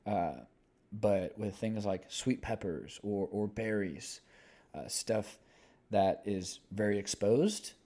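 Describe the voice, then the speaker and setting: A young man in his twenties chats casually as a podcast co-host, in a fairly low voice. He rambles in a relaxed way, full of "you know" and "like," and drifts from thought to thought. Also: slow pace. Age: 20s. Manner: laid-back, rambling, lots of fillers.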